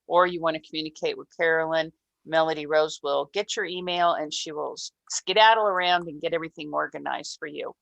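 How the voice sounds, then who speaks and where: A woman's voice: sits low, creaky, fairly bright tone, poor audio. A woman co-hosting a radio talk show, gushing and enthusiastic as she reads out listener messages. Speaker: radio co-host. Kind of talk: casual radio chat.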